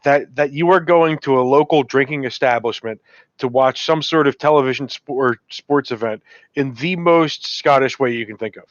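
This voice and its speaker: A man's voice: mid-range voice, moderate pace, no room sound, dull audio. A man making wordy joking requests in casual voice chat. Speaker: chat participant.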